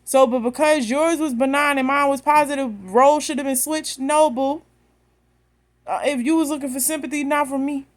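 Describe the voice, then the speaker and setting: A woman's voice: high voice, fairly even intonation, moderate pace. A woman, telling a story bluntly and with animation straight to her phone camera. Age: 30s. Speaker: vlogger.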